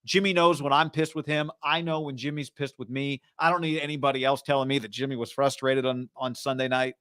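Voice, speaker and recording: A man co-hosting a sports talk show, chatting casually at an average pitch. He argues his points with emphasis and slips into quoted voices now and then. The sound is dry and close. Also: fairly even intonation, brisk, bright, forceful tone, clear, resonant tone, dry recording. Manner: conversational, emphatic, acts out quotes.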